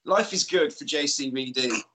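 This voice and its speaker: A man's voice: medium pitch, normal speed, bright, forceful tone, slight background noise, low-quality recording. A man casually recapping an action film for friends, playfully acting out characters' lines as he goes. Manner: playful storyteller, acts out film lines in put-on voices. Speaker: podcast host recapping a film.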